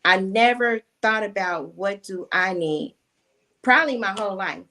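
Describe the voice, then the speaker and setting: A woman's voice: mid-range voice, normal speed, sharp tone. An earnest woman recounting her own experience during a casual group talk. She speaks reflectively and conversationally, asking herself questions aloud. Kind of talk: personal testimony in a casual discussion.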